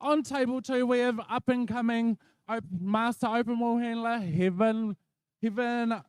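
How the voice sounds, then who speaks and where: A man's voice: extremely high pitch, measured pace, smooth, dry recording. A man giving expert play-by-play, explaining each step of the wool handling. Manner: explains each step in a steady, even flow. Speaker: expert commentator. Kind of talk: live play-by-play commentary.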